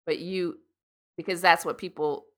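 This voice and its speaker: A woman's voice: fairly low pitch, steady tone, normal speed, a bit bright. A woman co-hosting a talk radio show, making earnest, insistent points with frequent restarts. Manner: earnest, insistent, repeats herself. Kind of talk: casual talk radio commentary. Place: radio studio.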